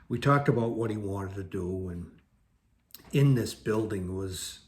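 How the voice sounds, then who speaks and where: A man's voice: fairly low pitch, a little slow, slight background noise. A man telling a personal story about his past in a casual, rambling way, often restarting and correcting himself. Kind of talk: personal recovery story told to camera.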